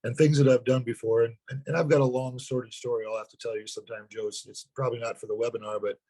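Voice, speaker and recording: Hoarse earnest man in a webinar. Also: mid-range voice, little pitch movement, fast, warm tone, low-quality recording. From North Dakota. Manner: earnest, repeats words when starting. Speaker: sales partner. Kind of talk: webinar interview.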